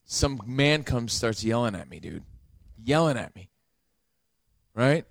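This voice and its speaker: A man's voice: mid-range voice, sing-song, slow, creaky, dry recording, clean studio sound. A man in his forties, co-hosting a podcast, telling a rambling, profane story in casual chat. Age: 40s. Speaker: podcast co-host.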